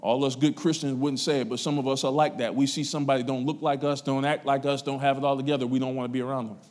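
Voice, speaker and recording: A man pastor preaching a sermon to his church, his loudness swinging between raised emphasis and quiet asides. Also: mid-range voice, level tone, quick pace. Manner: preaching with strong rises and drops in loudness.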